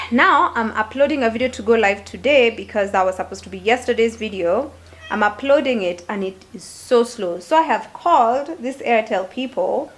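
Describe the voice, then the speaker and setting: A young woman, chatting casually and expressively to camera in a home vlog. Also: fairly high pitch. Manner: chatty and expressive, with animated asides. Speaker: lifestyle vlogger.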